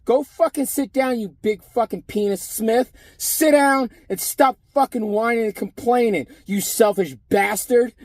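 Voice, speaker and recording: A man's voice: very high-pitched, unhurried, few pauses, no room sound, pitched above the performer's own voice, heavily acted. A man voicing a furious male prison sergeant who curses out a whining officer with barked, profane insults.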